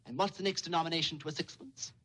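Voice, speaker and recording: An actor playing a prim, excitable male tutor in a 1950s TV sitcom. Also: on the high side, very fast, breathy edge, rough recording.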